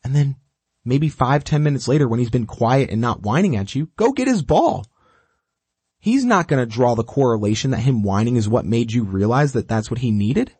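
Dog trainer guy, kinda husky voice, goes up and down a lot, bossy step by step coaching. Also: mid-range voice, moderate pace, dry recording. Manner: direct, repetitive step-by-step coaching; animated, acts out the dog's thoughts. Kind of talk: instructional talk.

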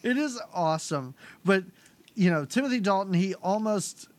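A woman's voice: mid-range voice, animated, normal speed. A woman co-hosting a podcast, recapping a movie casually, laughing often and imitating characters. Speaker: podcast co-host.

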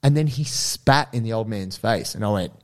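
A man's voice: fairly low pitch, moderate pace. A young man with an Australian accent, telling a story in casual, rambling chat. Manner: animated, rambling, many fillers.

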